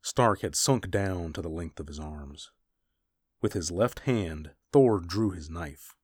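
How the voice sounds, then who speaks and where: A man reading a dramatic adventure story aloud in a measured, deliberate way. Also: low voice, animated, slightly rough, no echo, clean studio sound. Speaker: narrator. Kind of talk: dramatic audiobook narration.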